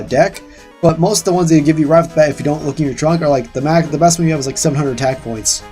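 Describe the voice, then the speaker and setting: A man's voice: on the high side, a little mellow. A man hosting a let's-play, giving sarcastic, ranting commentary with casual swearing. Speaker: gaming channel host.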